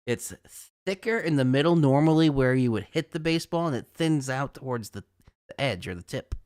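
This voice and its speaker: Chatty young male weather streamer, smooth clear voice, dry close sound, mid pitch. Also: animated, fairly quick, a little mellow, no room sound. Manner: chatty, laughs at own asides. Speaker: weather livestream host. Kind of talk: casual live weather chat.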